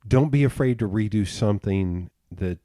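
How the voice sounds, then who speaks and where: A man hosting a podcast, chatting casually and telling stories, jumping up in pitch when he acts out what people said. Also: moderate pace, no room sound, studio quality. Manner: animated storyteller, acts out quotes with jumps in pitch. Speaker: podcast host and designer. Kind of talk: casual interview chat.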